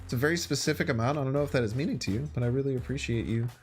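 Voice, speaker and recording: A man with a Chicago accent streaming a card game, chatting casually with his viewers and thinking his moves out loud. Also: medium pitch, racing, soft background music. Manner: chatty, thinks aloud and talks to chat. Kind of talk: casual gaming stream commentary.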